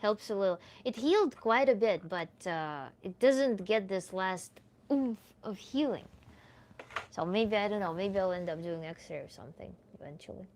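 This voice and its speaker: A woman with a Russian accent, a native Russian speaker, answering viewers live as a tantra coach in a relaxed, chatty way that is full of little laughs. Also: mid-range voice, normal speed, a little hiss or hum. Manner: relaxed, chatty, laughs often, many "like" fillers. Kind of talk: livestream Q&A chat.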